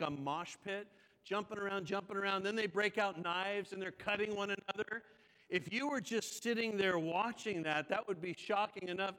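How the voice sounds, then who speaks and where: Male pastor, high voice, chatty sermon full of questions, recorded with reverb. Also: fairly bright tone. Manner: conversational preaching with rhetorical questions.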